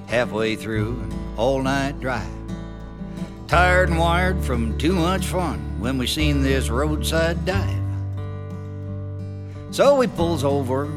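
A man reciting cowboy poetry and singing, with a lively drawl. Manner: lively drawl with broad swings of pitch. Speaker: cowboy poet and singer. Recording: dry studio recording with guitar.

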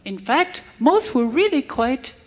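A woman's voice: sits high, very animated, takes it slowly, voice pushed up, exaggerated voice. A woman voicing a cultured young New York woman tourist with a prim, affected manner. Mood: prim, worldly.

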